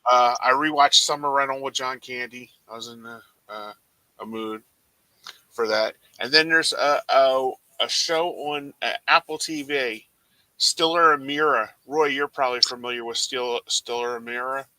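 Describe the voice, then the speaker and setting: A man's voice: medium pitch, moderate pace, bright, forceful tone, no echo, rough recording. An American man from Philadelphia chatting casually about TV shows, hesitant and full of fillers. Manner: hesitant, filler-heavy recommending.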